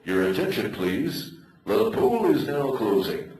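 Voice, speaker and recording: A man voicing a deadpan male public pool announcer, drawing out a slow loudspeaker announcement. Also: medium pitch, gravelly, exaggerated voice. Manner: slow, flat PA announcement delivery. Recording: echoey hall, far from the mic, noisy.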